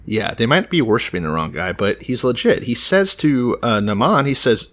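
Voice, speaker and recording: A man's voice: mid-range voice, sing-song, moderate pace, hardly any pauses, a bit bright. A man in casual podcast banter about the Bible, teasing his co-host with blunt, profane wisecracks.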